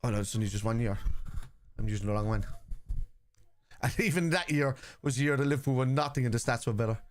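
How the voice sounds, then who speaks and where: A man's voice: mid-range voice, quick pace, slight background noise. A man hosting a live football watchalong from his computer at home, arguing with chat, swearing bluntly, and reading stats aloud. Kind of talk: live-stream chat, answering viewers.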